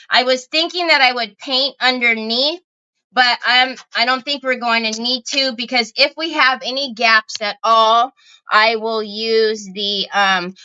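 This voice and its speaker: A woman's voice: high-pitched, sharp tone, clean tone. A middle-aged woman hosting a crafting live stream, chatting casually and directly to her viewers. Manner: chatty, talks straight to viewers. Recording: slightly dull lo-fi stream audio.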